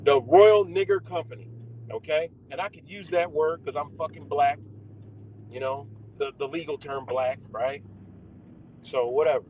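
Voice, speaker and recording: A young male livestream host rants heatedly and profanely to his viewers about conspiracies, addressing them as guys. His fairly high, slightly rough voice keeps a fairly even intonation at a moderate pace. The audio is tinny and phone-like, with faint car noise.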